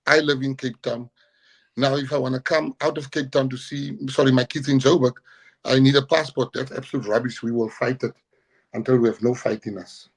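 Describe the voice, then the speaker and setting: A middle-aged party leader with a South African accent speaks combatively and forcefully in an interview, hammering home his points through repetition. His medium-pitched voice is a little fast with fairly even intonation, and the recording quality is low.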